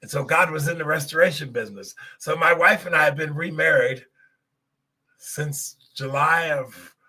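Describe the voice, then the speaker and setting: A man's voice: on the high side, normal speed, bright, forceful tone, breathy edge. A middle-aged man hosting a podcast, telling a personal testimony in an earnest, emotional way and speaking straight to his listeners. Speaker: podcast host.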